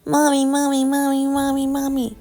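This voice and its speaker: Woman voicing a tiny shrill boy, excitable and demanding, storybook kid part. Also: normal speed, soft background music. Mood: excited. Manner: squealing, chanting words over and over. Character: excitable demanding three-year-old boy.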